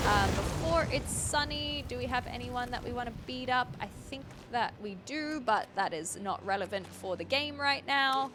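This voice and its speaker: A woman's voice: fairly high pitch, noisy background. A young woman streamer thinking aloud with lots of fillers as she plays, in casual gameplay commentary. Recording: game music clearly behind. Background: game music.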